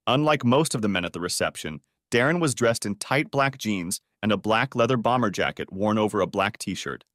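Lively male story narrator. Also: on the low side, moderate pace, dry recording, clean studio sound. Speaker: audiobook narrator.

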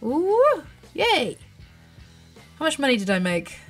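Woman, 30, British accent, fairly high voice, chatty gameplay commentary, bubbly and excitable, faint music behind. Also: slow pace. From United Kingdom. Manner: chatty, bubbly, thinks aloud with gasps and squeals. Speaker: gaming channel host.

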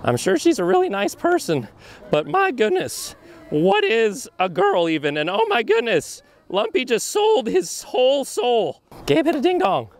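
A man giving excited, joking play-by-play of a softball game from an outdoor field, filmed by a camera on a tripod. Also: very high voice, a little slow. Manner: excitable, joking, yelps and exclamations. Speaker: vlogger and softball player.

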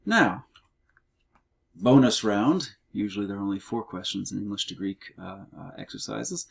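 A middle-aged man teaching Greek in a recorded homework walkthrough, explaining slowly and carefully with the odd um and uh. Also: fairly low pitch, lively intonation, creaky, slightly rough. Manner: slow, measured explaining with fillers.

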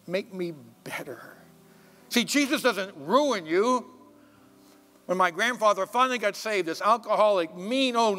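An older man, a pastor, preaching a sermon in a church sanctuary and telling personal stories, swinging between loud preaching and hushed asides. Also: sits high.

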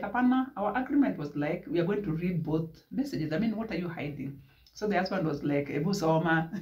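A man with a Kenyan accent telling a story casually in a vlog, slipping in Swahili words as he goes. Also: fairly high pitch. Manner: animated retelling with Swahili asides. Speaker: vlogger. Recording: echoey room from a distance.

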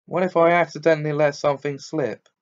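A man's voice: a little high, steady tone, a little fast, smooth, highs cut off, voice pushed up, natural voice. A man voicing a coldly defiant teenage boy. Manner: bitter, cold, grimly defiant. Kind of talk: audiobook character reading.

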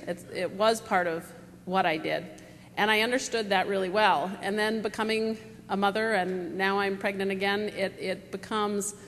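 A woman's voice: medium pitch, a bit bright. A woman in her forties from the United States, speaking as a panelist at a live forum, telling stories in a rambling, conversational way full of fillers. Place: large auditorium stage. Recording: long hall reverb, faint noise.

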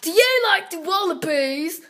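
A girl voicing a pushy female singer who loudly and insistently repeats one question. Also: high voice, fairly even intonation, fairly quick, lightly acted. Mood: pushy, shouting. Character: pushy shouting wallaby-obsessed female singer.

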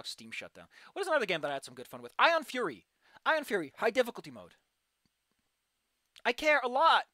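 Woman streamer, fast and excitable, frustrated game critique, dry close mic. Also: high-pitched, no room sound. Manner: animated, excitable outbursts. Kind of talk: casual livestream commentary.

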